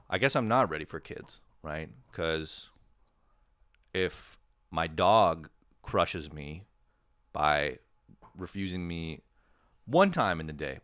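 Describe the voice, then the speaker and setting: Low-voiced guy doing a rambly self-roasting podcast bit, cusses a lot, dry close sound. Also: dry recording. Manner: rambling, self-mocking, swears often; jumps into sudden loud animated bursts. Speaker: podcast host. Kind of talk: casual comedic monologue.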